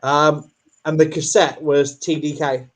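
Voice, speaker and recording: Self-deprecating man, a bit high-pitched. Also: little pitch movement, a little slow. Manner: self-deprecating, reads viewer comments aloud. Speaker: co-host. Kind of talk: casual chat with live viewers.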